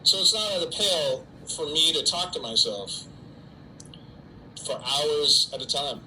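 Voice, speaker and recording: A man's voice: fairly high pitch, lively intonation, unhurried, pushed and bright, a little hiss or hum, low-quality recording. A middle-aged man, an actor, chatting casually and joking at his own expense on a live stream from home, answering fans' typed questions. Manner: chatty, self-mocking, talks to an unseen audience. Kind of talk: casual solo livestream chat. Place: home during quarantine.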